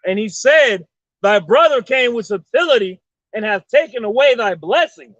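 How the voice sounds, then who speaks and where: A man's voice: extremely high pitch, expressive, moderate pace, fairly bright tone, no room sound. A man reading Bible verses aloud and calling out each verse number first. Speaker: scripture reader. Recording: dull lo-fi sound.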